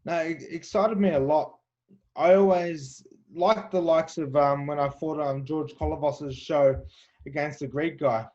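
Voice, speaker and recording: Chatty confident man, higher voice. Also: steady tone, measured pace, darkish tone, highs cut off. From Australia. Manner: confident, chatty, lots of fillers and restarts. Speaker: interviewed kickboxer. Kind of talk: animated storytelling interview.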